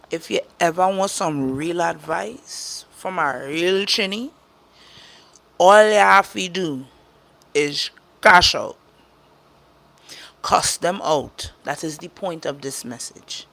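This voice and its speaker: A woman's voice: on the low side, gravelly, a bit bright. A woman from Trinidad with a Trinidadian accent, a caregiver talking bluntly and profanely on a casual livestream, repeating her points for emphasis.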